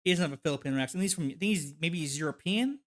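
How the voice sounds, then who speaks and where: A man hosting a livestream, reacting to videos with rapid, profane, exasperated commentary. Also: on the high side.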